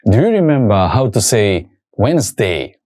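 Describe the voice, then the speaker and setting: A man teaching a language lesson, saying words slowly and carefully and repeating each one for learners. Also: fairly low pitch, very animated, background noise.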